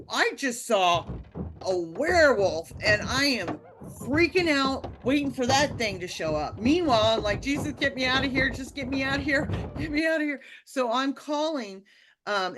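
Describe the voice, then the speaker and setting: A woman casually telling a personal spiritual story, animated and acting out the quotes, often laughing. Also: on the high side, noisy background. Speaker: podcast guest telling a testimony.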